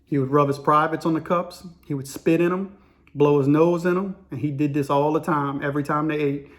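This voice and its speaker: A man's voice: on the high side, steady tone, a little fast. A man telling a story in a rambling, slangy way, full of fillers. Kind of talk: casual spoken storytelling.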